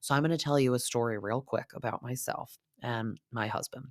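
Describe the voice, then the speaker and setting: A woman's voice: very deep voice, a little fast, dry recording, studio quality. A woman hosting a reality TV recap, talking in a chatty, casual way with lots of fillers and acted-out quotes.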